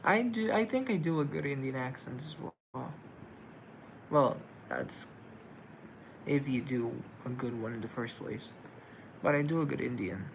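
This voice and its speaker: A relaxed man chats through a livestream at an unhurried pace, his voice carrying a gravelly rasp. He reads out viewer comments and answers them playfully, joking with himself along the way. A faint hiss of noise sits under the voice. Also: medium pitch. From United States. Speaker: livestream host. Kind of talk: casual livestream chat reading comments.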